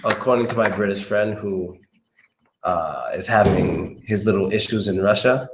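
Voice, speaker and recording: An American English teacher with a fairly low voice gives a casual, chatty pronunciation lesson on a live stream at normal speed, often repeating his phrases. The audio is poor, with a little hiss or hum.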